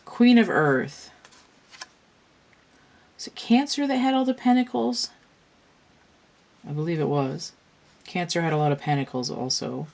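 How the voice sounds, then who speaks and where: A woman's voice: low voice, normal speed, gravelly, pauses often, darkish tone. A woman giving a casual tarot reading in a rambling, slangy way, with a lot of "like" and free swearing. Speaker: tarot reader.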